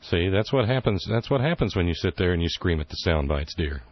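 A man's voice: low-pitched, lively intonation, a little fast, no echo, muffled recording. A man hosting a political talk radio show, indignant and sarcastic, rambling through his points with fillers.

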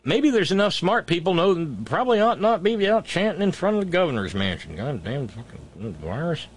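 A male host delivers a profane, sarcastic political rant, often stumbling into restarts. His voice sits a touch higher than most men's and swings widely as his anger builds. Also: very animated, fairly quick. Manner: angry, profane, sarcastic ranting with stammered restarts. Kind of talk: ranting political commentary.

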